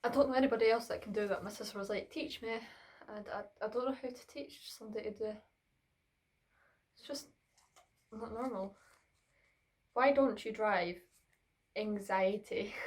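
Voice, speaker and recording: A woman's voice: mid-range voice, normal speed, long pauses. A young woman, chatting through a Q and A vlog filmed on her phone in her bedroom, slightly out of breath. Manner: chatty, rambling, with fillers. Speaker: vlogger. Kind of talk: casual Q and A vlog.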